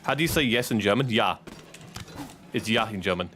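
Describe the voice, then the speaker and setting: An excitable English streamer talks a little fast in a voice on the low side, with slight background noise. He offers casual commentary while playing a game, yelping and swearing whenever something goes wrong.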